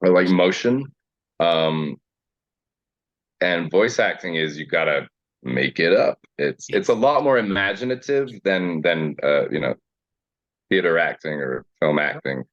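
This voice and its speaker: A young South African actor chatting casually in an interview, relaxed and quick to laugh, with filler words. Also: male voice, low voice. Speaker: actor guest. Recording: dull lo-fi sound.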